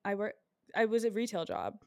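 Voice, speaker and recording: Young woman, rapid chatty delivery, dry close mic, teasing co-host. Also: mid-range voice, wildly swooping pitch, gravelly, mellow, no echo. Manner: quick, chatty, teasing, many fillers. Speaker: podcast co-host. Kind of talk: casual chat.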